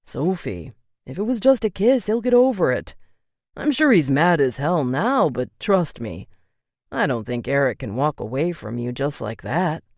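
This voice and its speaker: A woman's voice: sits low, big pitch swings, a little slow, darkish tone, no echo, studio quality, full character voice. A woman reading an audiobook, voicing a protective young man, the heroine's level-headed but angry older brother, who talks bluntly and swears when riled. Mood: concerned.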